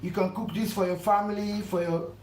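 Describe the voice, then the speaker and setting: A woman's voice: medium pitch, fairly even intonation, fairly quick, darkish tone. Echoey woman hosting a live cooking stream. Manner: repetitive, effusive, keeps urging viewers to subscribe. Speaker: cooking channel host. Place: home kitchen during a live cook. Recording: echoey room with faint background noise. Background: faint household noise.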